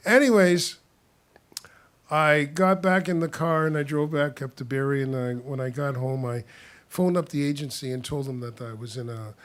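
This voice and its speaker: A man's voice: mid-range voice, steady tone, moderate pace. A man casually telling stories about his past, rambling with restarts and chuckling often as he talks. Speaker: storyteller. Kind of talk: casual spoken storytelling.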